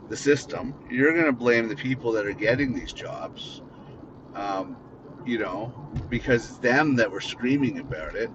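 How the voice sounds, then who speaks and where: A man's voice: medium pitch, measured pace. Man from Canada, podcast host, angry profane rant from the driver's seat; dull lo-fi audio with faint car noise. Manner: angry, profane, repetitive ranting. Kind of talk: unscripted ranting monologue. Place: inside a car, driving.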